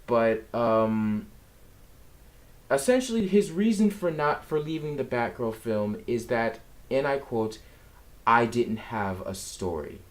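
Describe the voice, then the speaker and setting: Male vlogger, exasperated sarcastic rant, unhurried delivery with an animated pitch. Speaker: film commentary vlogger. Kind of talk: casual ranting commentary.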